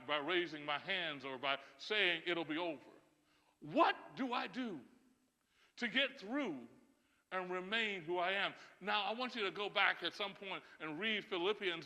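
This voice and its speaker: A man preaching a sermon as pastor, emphatic and often laughing, building to loud, rising calls. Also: high-pitched. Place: church sanctuary. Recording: church sanctuary with long reverb.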